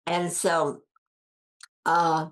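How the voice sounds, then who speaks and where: A woman's voice: lowish voice, little pitch movement, drawn-out words. An older woman telling a personal story as a guest in an interview, earnest and emphatic, acting out what others said with a lifted voice and repeating phrases for effect. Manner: earnest, acts out quoted dialogue with lifted voice.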